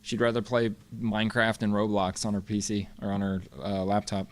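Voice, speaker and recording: A man's voice: lowish voice, little pitch movement, normal speed, dry recording. Opinionated man co-hosting, casual and blunt. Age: 30s to 40s, parent of a school-age daughter. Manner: opinionated, casual, swears freely. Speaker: show co-host. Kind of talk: casual live-stream chat.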